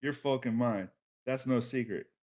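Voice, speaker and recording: A man putting on a gravelly, drawling voice for a sly roguish drifter. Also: on the low side, a little slow, a little mellow.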